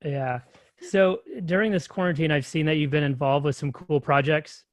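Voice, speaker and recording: Chill interview host, mid-pitched voice, slangy reactions, dry close sound. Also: moderate pace, no room sound. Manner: laid-back, encouraging, slangy. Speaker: podcast host. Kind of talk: casual interview chat.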